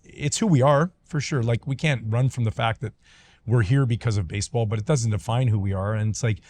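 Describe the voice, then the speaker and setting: Brief: middle-aged male guest from Canada, former ballplayer, loose animated storyteller with a mid-range voice. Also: mid-range voice, a little fast. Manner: animated, filler-heavy, acts out voices in anecdotes. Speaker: guest, former pro pitcher. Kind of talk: casual storytelling chat.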